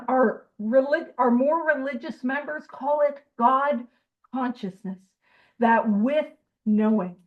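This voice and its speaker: A high-pitched woman chairs a recovery study meeting, reading passages and breaking into emphatic, joking asides. Her voice comes through slightly muffled, like online call audio. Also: slow.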